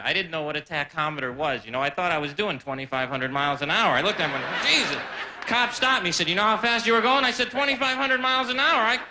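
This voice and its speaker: Man, stand-up comic, self-deprecating, rambling asides, slightly high voice, noisy live recording. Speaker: stand-up comedian. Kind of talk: stand-up comedy set. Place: live stage before a laughing audience.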